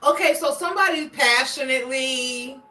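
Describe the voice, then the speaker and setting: Woman doing a tarot reading, bit high voice, kinda rambly, echoey room, sits back from the mic. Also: moderate pace, pushed and bright, far from the mic. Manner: rambling, searching for words, frequent restarts. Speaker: tarot reader. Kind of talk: casual tarot reading monologue.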